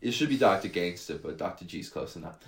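A man's voice: low-pitched, lively intonation, fast, echoey room. A young man co-hosting a podcast, recapping a movie in laid-back slang and acting out the characters' lines. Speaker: podcast co-host. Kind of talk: casual movie recap chat.

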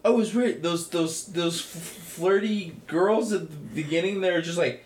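A man co-hosting a casual movie review podcast, talking in an expressive, slangy way with sarcastic asides. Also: high-pitched, normal speed, hardly any pauses. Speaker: podcast co-host. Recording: roomy echo.

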